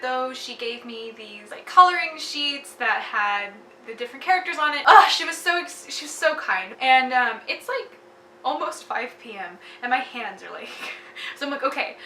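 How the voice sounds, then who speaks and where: A woman's voice: sits high, expressive, moderate pace, pushed and bright, recorded from a distance, slight background noise. Chatty young woman, echoey room. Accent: Texan. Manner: gushing, lots of "like" and laughs. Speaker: book vlogger. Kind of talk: casual storytelling recap.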